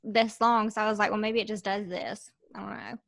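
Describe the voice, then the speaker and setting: A woman's voice: medium pitch, level tone, fairly quick, gravelly, a bit bright. A young woman with a Southern US accent, a podcast guest chatting casually over a video call, laughing often and encouraging the host. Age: young adult.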